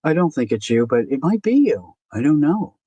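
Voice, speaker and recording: A woman's voice: low-pitched, sing-song, moderate pace, mellow, husky, no room sound, muffled recording. A woman hosting a casual art journaling livestream, chatting to herself and greeting viewers by name as she works. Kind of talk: casual chat while crafting on a livestream.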